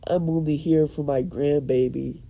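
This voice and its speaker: A man's voice: on the high side, fairly even intonation, normal speed, vocal fry, dark tone. A man voicing a fierce older woman ninja who turns menacing to protect her grandson. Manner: menacing evil voice.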